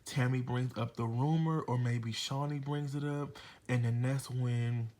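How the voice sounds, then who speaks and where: A man recapping a reality TV episode in a loose, chatty way. He is blunt and gossipy and swears freely as he runs through the drama. His voice sits at an ordinary middle pitch for a man. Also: steady tone, a little slow, a little mellow. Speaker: reality TV reviewer. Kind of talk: casual episode recap commentary.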